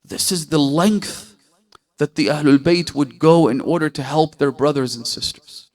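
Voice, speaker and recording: Impassioned male preacher, fairly high voice. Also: moderate pace. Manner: impassioned storytelling, asks listeners rhetorical questions; voice swells loud and high at emotional peaks. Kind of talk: sermon.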